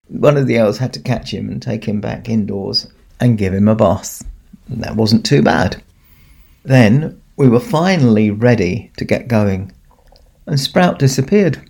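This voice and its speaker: A man's voice: medium pitch, a little slow, creaky, breathy edge. A man, speaking as Santa and chuckling as he tells a children's story. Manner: chuckling, warm storybook telling to kids.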